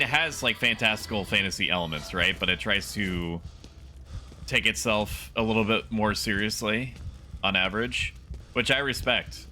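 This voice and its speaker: A young man streaming a horror shooter, chatting casually and breaking into loud, disbelieving yelps. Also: fairly low pitch, a little hiss or hum. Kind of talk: casual game stream commentary.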